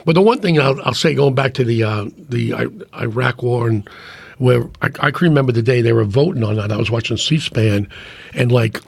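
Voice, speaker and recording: Husky gravelly middle-aged man. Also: medium pitch, a little fast, no echo. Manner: rambling, many restarts and fillers. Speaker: podcast guest. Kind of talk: casual chat.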